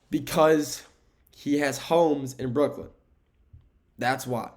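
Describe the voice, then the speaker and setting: A man's voice: medium pitch, slow pace, long pauses, darkish tone. A man hosting a sports podcast on his own, speaking in a mid-range voice with a loose, rambling delivery. He stops to correct himself and leans on fillers as he goes. He is recorded indoors in a room. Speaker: podcast host. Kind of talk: solo sports podcast talk. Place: indoor room with window blinds.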